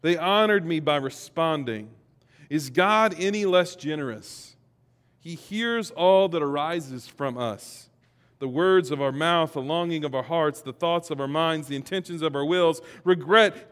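A man preaching in a church, his fairly high voice carrying a long reverb from the hall around him. He talks in a folksy, joking way and leads the congregation in call-and-response. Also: a little slow, a bit bright, clear, resonant tone. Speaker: pastor. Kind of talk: sermon.

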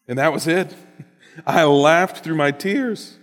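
A man's voice: on the high side, takes it slowly, in a large hall. A man reading a written personal story aloud in an earnest, reflective way, then reflecting on it as host.

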